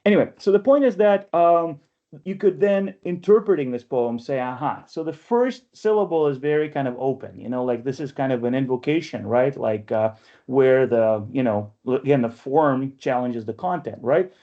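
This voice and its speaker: A man's voice: medium pitch, moderate pace, warm tone. Chatty man teaching poetry over a dull video call. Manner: chatty, ends phrases with frequent "right?" tag questions; playful and self-mocking. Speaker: workshop leader and poetry editor. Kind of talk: online poetry workshop lecture. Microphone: video call microphone.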